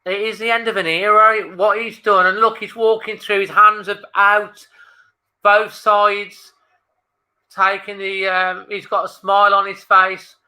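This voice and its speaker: A man's voice: high voice, level tone, unhurried, sharp tone. A man hosting a live fan watchalong, speaking casually and emotionally as he holds back tears and repeats himself. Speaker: fan channel host. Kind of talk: live match watchalong commentary.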